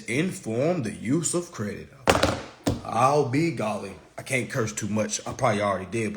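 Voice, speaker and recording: A man lectures his viewers in a high, restless voice that leaps all over the place. He mocks and preaches by turns, hitting single words with loud jabs. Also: creaky, slight background noise. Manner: preachy, mocking, emphatic with sudden loud jabs. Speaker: consumer-credit commentator. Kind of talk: animated monologue to viewers.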